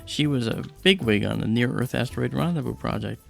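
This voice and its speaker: A man's voice: mid-range voice, brisk, creaky, faint music behind. A man hosting a casual livestream, telling stories in a loose, rambling way with lots of fillers. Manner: rambling storyteller with many fillers. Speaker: livestream host.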